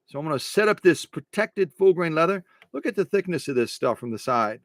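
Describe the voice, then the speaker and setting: A man's voice: fairly high pitch, expressive, fairly quick, hardly any pauses, a bit bright, dry recording, studio quality. A man restoring sewing machines, talking casually through a stitching demo in his workshop, repeating phrases and breaking into playful mock rants.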